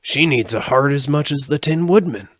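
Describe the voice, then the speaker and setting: A man's voice: fairly high pitch, expressive, normal speed, dry recording, studio quality, voice pushed up. A man voicing a humble, earnest scarecrow. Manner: earnest, raised pleading.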